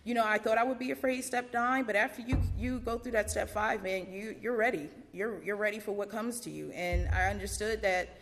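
A woman's voice: medium pitch, fairly even intonation, fairly quick, hardly any pauses, a bit bright, soft background music. A woman giving a candid personal testimony at a recovery meeting, chatty and full of fillers and laughter.

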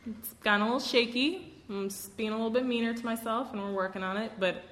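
A woman's voice: fairly high pitch, fast, a bit bright. A young woman sharing her own recovery story at a meeting, casual and self-mocking with lots of fillers. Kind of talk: candid personal talk to a meeting. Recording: roomy echo, faint room noise.

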